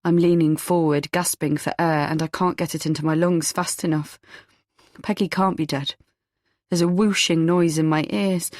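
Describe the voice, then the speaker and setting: Gravelly woman narrating an audiobook. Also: lowish voice, fairly even intonation, moderate pace, a little mellow, dry recording, studio quality. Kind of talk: first-person audiobook narration.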